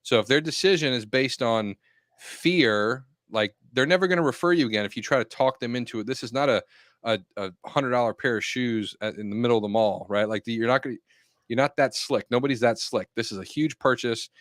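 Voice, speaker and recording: A man's voice: medium pitch, brisk, a bit bright, no room sound, clean studio sound. A man co-hosting a real estate podcast, giving direct, matter-of-fact advice and laughing easily. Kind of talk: casual chat and advice.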